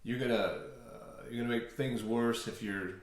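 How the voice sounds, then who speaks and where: A middle-aged man co-hosting a parenting talk, speaking in a measured way with frequent fillers. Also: mid-range voice, fairly even intonation, distant mic. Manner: measured, with many fillers and restarts. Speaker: parenting blog co-host. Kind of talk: casual advice talk. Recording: very echoey room.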